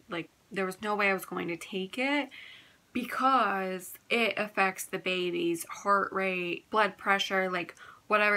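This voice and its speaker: A woman's voice: medium pitch, pushed and bright. A young woman vlogger telling a personal story in a casual, candid way, often saying "like". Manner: chatty, candid, fills talk with "like".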